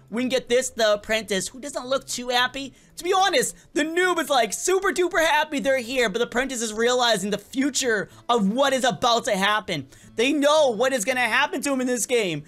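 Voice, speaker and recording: A man giving casual, excitable gameplay commentary as a gaming channel host, often stumbling and repeating words. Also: very high voice. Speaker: gaming YouTuber.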